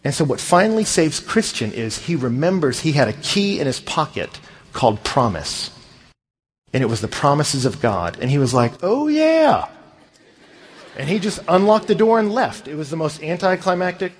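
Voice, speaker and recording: This husky-voiced man speaks at a normal speed with a fairly high pitch. He's a pastor delivering a sermon through storytelling, animated throughout and performing the quoted voices of his characters.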